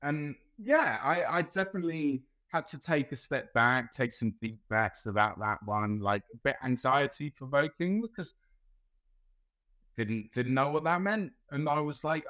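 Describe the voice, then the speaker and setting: A man's voice: medium pitch, animated, a little slow, pushed and bright. A man from England, a nurse guest on a podcast, talking hesitantly and often repeating his words. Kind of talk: casual podcast chat.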